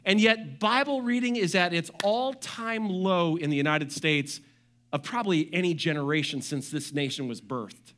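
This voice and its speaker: High-voiced, bright animated male pastor. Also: normal speed, slight background noise. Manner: animated, joking asides and quoted voices. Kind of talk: sermon.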